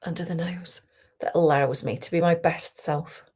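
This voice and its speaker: A woman coach leading a guided tapping session, talking slowly and soothingly and often dropping to a whisper. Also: low voice, fairly even intonation, husky. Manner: slow, soothing, softly guiding with whispered phrases.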